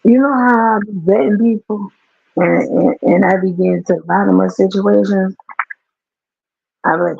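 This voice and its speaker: Gravelly, high-voiced man on lo-fi audio. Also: fairly even intonation, unhurried, pauses often, darkish tone, slight background noise. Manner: blunt and teasing. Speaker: podcast guest. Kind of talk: casual chat. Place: home bedroom. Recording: dull lo-fi audio.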